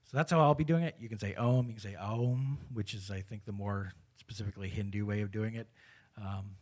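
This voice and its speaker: A man guiding a spiritual community through a mantra and hand gesture in a relaxed, casual way, with frequent hesitations and restarts. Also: fairly low pitch, fast. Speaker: meditation leader. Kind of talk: guided meditation instruction. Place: spiritual community service, live-streamed.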